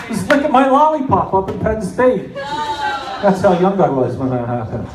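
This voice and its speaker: A middle-aged man from New Jersey doing a stand-up comedy set with deadpan, self-mocking storytelling. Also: high-pitched, normal speed, distant mic, music in the background, crowd noise. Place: comedy club stage. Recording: echoey club with audience noise. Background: audience laughter.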